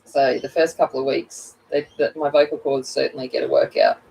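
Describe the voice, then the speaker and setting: A woman's voice: extremely low pitch, sing-song, a little fast, gravelly, dark tone, recorded from a distance, slight background noise, poor audio. A middle-aged woman chatting casually while she colors on a livestream, greeting viewers by name and laughing at herself. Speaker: coloring channel host.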